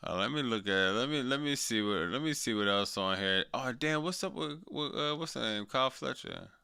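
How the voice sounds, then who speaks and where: A man's voice: medium pitch, expressive, moderate pace, vocal fry, bright, forceful tone, smooth. A man streaming casual reaction commentary, slangy and laughing often as he talks to his chat. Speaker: streamer reacting to wrestling clips.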